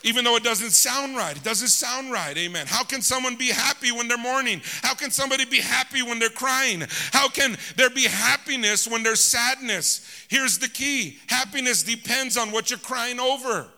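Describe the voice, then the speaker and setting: A male pastor preaching a sermon who calls out to the congregation for amens and swings between loud, shouted lines and low, hushed ones. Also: normal speed, hardly any pauses, big-room sound.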